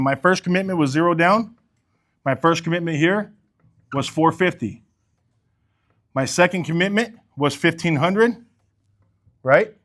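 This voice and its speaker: A middle-aged man running a sales training, with a fairly high-pitched voice for a man. He talks bluntly and with animation, swears casually, keeps quizzing the group, and acts out both sides of a customer talk. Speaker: sales coach.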